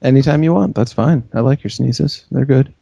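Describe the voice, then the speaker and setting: A man hosting a casual comedy podcast, playful and quick to laugh, riffing on his co-hosts' jokes. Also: medium pitch, creaky, mellow, no room sound, muffled recording. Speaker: podcast host.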